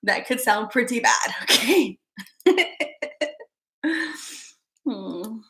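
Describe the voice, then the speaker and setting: This live-stream host is a woman with a bright, forceful, slightly high voice who chats casually while reading viewer comments. She's giggly and animated, laughing often and slipping into soft asides, yet she talks very slowly with a creaky quality.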